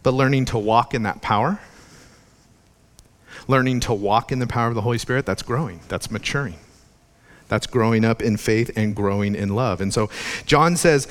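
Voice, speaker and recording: A man preaching a sermon as a pastor, chatty in places and building to fervent emphasis. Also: medium pitch. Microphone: podcast recording of a church sermon.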